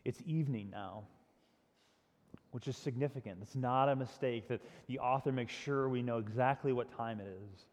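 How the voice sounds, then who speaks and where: A man preaching a sermon, retelling a story dramatically, swinging from loud to hushed. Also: medium pitch, moderate pace. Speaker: pastor. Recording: long hall reverb.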